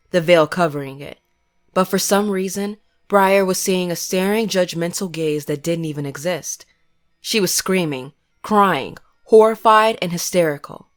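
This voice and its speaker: A woman giving scripted first-person horror narration in a measured, grim way. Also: fairly low pitch.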